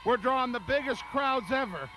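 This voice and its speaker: A wrestling promoter stands his ground, blunt and stubborn. His voice is very high for a man and bright. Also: animated, fairly quick, slight background noise, poor audio. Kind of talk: on-air argument.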